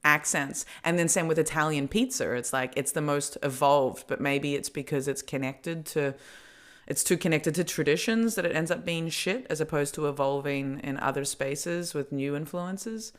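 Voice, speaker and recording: Low-voiced woman rambling through a story. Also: moderate pace. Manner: rambling storyteller, many fillers and restarts. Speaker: podcast host. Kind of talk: casual chat.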